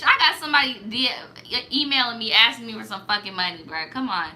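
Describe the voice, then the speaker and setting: A young woman hosting a casual storytime show, giving blunt, profane advice with animated reactions. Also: on the high side, fast, few pauses.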